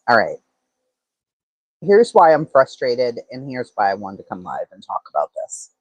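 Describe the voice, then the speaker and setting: A man's voice: medium pitch, breathy edge, no room sound, poor audio. A man hosting a true-crime livestream, talking casually and thinking aloud with lots of fillers and restarts.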